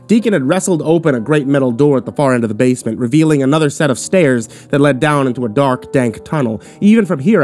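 A man narrating a horror story in the first person with steady, dramatic delivery. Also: medium pitch. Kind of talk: scripted narration.

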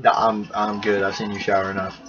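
A man's voice: on the low side, completely flat delivery, fast. A young man playing a co-op video game with a friend, joking and teasing in casual chat. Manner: teasing, joking, laid-back. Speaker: let's play gamer. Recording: muffled lo-fi capture with game music. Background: game music.

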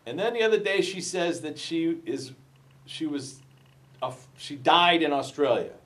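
A man with a slightly high voice tells stories to a live group, jumping into the voices of the people in them. He sounds set back from the microphone, with some distance in the sound. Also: normal speed. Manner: lively storytelling, acting out dialogue with raised pitch. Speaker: speaker at a talk. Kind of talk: storytelling talk.

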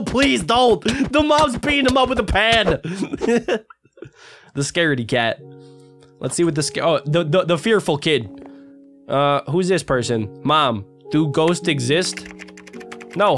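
Young man, reaction commentary, excitable, high voice, very animated, music behind. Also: unhurried, pauses often. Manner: excitable, yelps and laughs, reads characters' lines aloud. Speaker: gaming reaction host.

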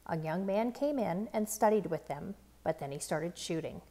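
A woman voicing a patient father who gently explains sad news to his son in a storybook read-aloud. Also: lowish voice, animated, moderate pace. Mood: gentle sad.

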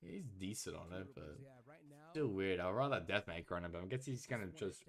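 A man streaming himself watching an esports match, commenting live and swinging into loud, exasperated rants, swearing when frustrated. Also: sits low, lively intonation, brisk.

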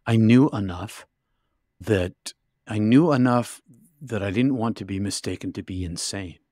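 A man's voice: on the low side, unhurried, dark tone, dry recording, clean studio sound. A man telling a personal story vividly and intensely as an interview guest, with frequent restarts.

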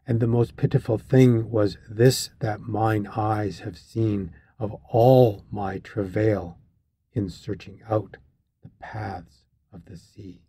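A man narrating a classic epic for an audiobook, in a slow, measured, solemn reading with archaic phrasing. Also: lowish voice, steady tone, dark tone, husky, no room sound.

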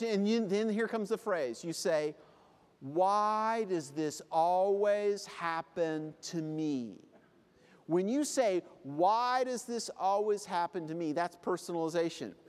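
A man's voice: high-pitched, expressive, moderate pace. A man giving a comic motivational conference talk, acting out little scenes with funny voices. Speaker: keynote speaker. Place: convention hall. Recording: live hall reverb.

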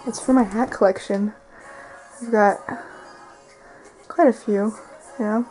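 A woman's voice: on the high side, fairly even intonation, measured pace, a little mellow, soft background music, low-quality recording. A teenage girl talking casually in a vlog from her bedroom, rambling and filling her talk with "like". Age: teens. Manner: chatty, rambling, heavy use of "like". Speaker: vlogger.

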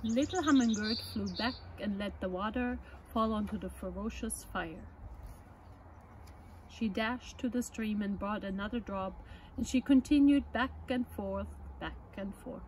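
A woman presenting children's books, reading a picture book aloud at story time in a gentle, measured way. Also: medium pitch, slight background noise, low-quality recording.

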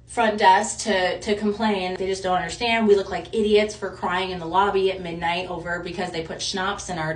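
A young woman vlogging, retelling a stressful night in an animated, rushed way and swearing. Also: mid-range voice, far from the mic. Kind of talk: casual storytime vlog. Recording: roomy sound from off mic.

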